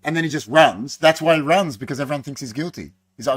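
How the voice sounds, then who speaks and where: A man hosting a casual movie discussion, talking animatedly and acting out scenes in quick quoted voices. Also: a little high. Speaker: podcast host.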